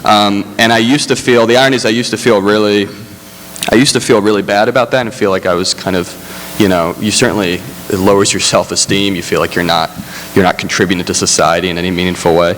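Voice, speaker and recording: A man speaking as a screenwriter on a panel, halting and self-deprecating, with many fillers. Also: fairly low pitch, steady tone, a bit bright, big-room sound, a little hiss or hum. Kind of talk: casual panel talk. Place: large hall on stage.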